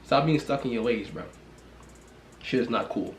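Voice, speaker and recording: A man in a casual rant to camera, talking bluntly and repetitively, swinging from loud exclamations to low mutters. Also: expressive, moderate pace, long pauses, roomy sound, slight background noise. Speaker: vlogger.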